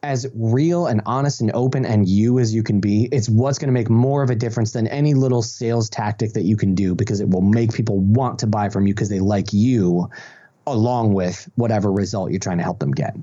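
A man as a podcast guest, telling an anecdote in a relaxed way with frequent ums and restarts. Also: lowish voice, a little fast. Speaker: guest, webinar presenter. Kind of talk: conversational storytelling interview. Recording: slightly dull lo-fi audio.

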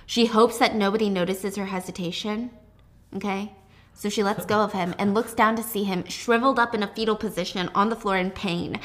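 A young woman hosting a casual book recap, telling the story in an animated way with side comments. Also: mid-range voice, fairly quick. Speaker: host.

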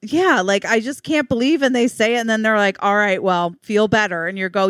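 A woman co-hosting a chatty podcast, telling her stories with a lot of life and jumping into a high squeal when she quotes herself. Her voice sits in an ordinary middle pitch. The sound is dry and close, with no room around it. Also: a little fast, few pauses, no echo. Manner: animated storyteller, acts out quotes in a high squeal. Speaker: podcast co-host. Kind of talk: casual chat.

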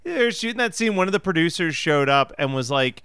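A man's voice: on the high side, expressive, fairly quick, fairly bright tone, clean tone, dry recording, studio quality. A man co-hosting a casual movie podcast, laughing often and acting out lines in mock-dramatic voices. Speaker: podcast co-host. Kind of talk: casual movie review chat.

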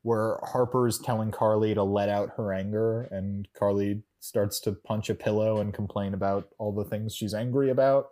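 A man's voice: on the low side, steady tone, normal speed, hardly any pauses, mellow. A man co-hosting a podcast, recapping an episode in casual chat, rambling and correcting himself with dry humor. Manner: rambling, self-correcting, wry. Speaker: podcast co-host.

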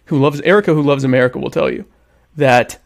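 A man hosts a laid-back livestream from home while eating, speaking at a quick pace in a creaky, mid-range voice. His comedic chat has him ribbing viewers and making fun of himself.

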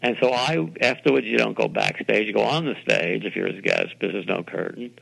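An older man from New York City, a television producer being interviewed, telling animated anecdotes and acting out the voices of people he quotes. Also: on the low side, a little fast, creaky, husky, low-quality recording. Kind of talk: interview storytelling.

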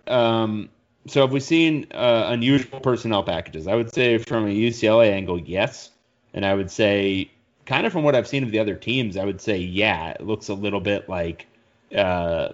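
Low-voiced male podcast co-host. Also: dull audio. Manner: reads listener mail and looks things up aloud, with fillers. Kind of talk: casual chat.

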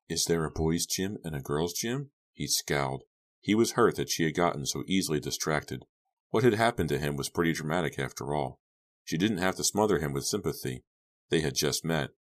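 A man narrating a young adult horror audiobook in a steady, even storytelling voice. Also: extremely low pitch, a little fast.

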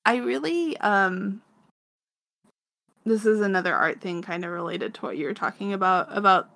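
A woman in casual conversation, relaxed and chatty, with many fillers. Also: medium pitch, moderate pace, vocal fry, no echo. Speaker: podcast co-host. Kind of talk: casual chat about manga.

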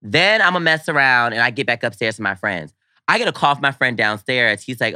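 Bright-voiced young man telling stories. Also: mid-range voice, lively intonation, fairly quick, no room sound, clean studio sound. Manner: loud, profane storytelling with quoted asides. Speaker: podcast co-host. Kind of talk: casual chat.

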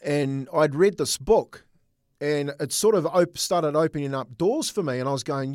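A man's voice: a little high, normal speed, a little mellow, no room sound. Earnest middle-aged man, dry close mic. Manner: earnest, storytelling, repeats words while thinking. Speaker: former rugby league coach, co-host. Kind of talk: casual sports chat.

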